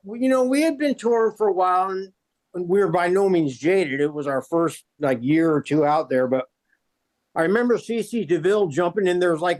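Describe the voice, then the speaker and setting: A middle-aged man, a guest guitarist, talking loosely and swearing freely while chewing nicotine pouches. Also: sits high. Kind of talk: casual interview chat.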